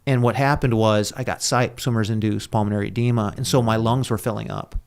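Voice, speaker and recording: A man's voice: fairly low pitch, steady tone, quick pace, darkish tone, clean tone. A man talking as a podcast guest in a casual, rambling storytelling manner, full of fillers and restarts, often laughing at himself. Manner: laughs at his own story. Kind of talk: conversational storytelling.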